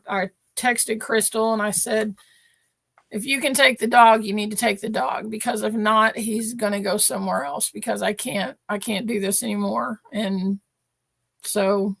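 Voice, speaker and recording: A woman's voice: on the high side, gravelly, a bit bright. A woman co-hosting a podcast, telling a story in a rambling, emotional way with many restarts. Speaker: podcast co-host. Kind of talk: casual chat.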